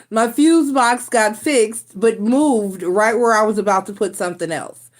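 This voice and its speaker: A woman hosting a casual live stream, rambling in a frustrated way with restarts and sighs. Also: medium pitch. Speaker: tarot reader and live stream host.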